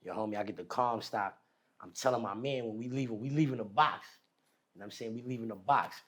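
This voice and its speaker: A man spins a long personal story in loose street slang. He gets animated as he retells it, and his voice sits at an ordinary middle pitch. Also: fast talker. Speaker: podcast guest. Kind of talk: casual storytelling.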